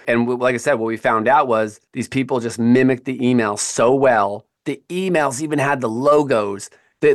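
A man hosting a podcast, telling stories in a casual, animated way and often checking in with "right?" and "man". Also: mid-range voice. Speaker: podcast host.

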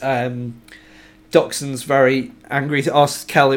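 A man's voice: mid-range voice, moderate pace. Chuckling man in casual chat. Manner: enthusiastic, chuckling, reads quotes aloud. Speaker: podcast co-host discussing a novel. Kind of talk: casual book-club chat.

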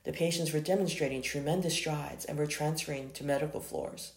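A reader works through a romance story aloud, often stumbling and correcting themself. The voice has steady vocal fry at a middling pitch. It was recorded in an echoey room. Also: fairly quick.

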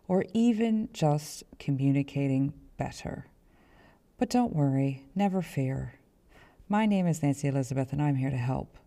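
A woman's voice: low-pitched, dark tone. A woman hosting a professional development podcast, talking in a chatty, self-deprecating way with fillers and restarts. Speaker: podcast host.

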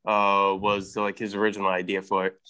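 A man's voice: fairly low pitch, monotone, fairly quick, sharp tone, clean tone. A man co-hosting a casual podcast, who often stammers and restarts his sentences. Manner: hesitant, stammering starts. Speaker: podcast co-host. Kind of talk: casual chat.

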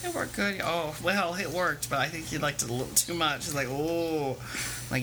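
A woman's voice: low-pitched, normal speed, background noise. A woman co-hosting a podcast, telling blunt, bawdy stories in casual banter. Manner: bawdy, laughing, blunt storytelling. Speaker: podcast co-host.

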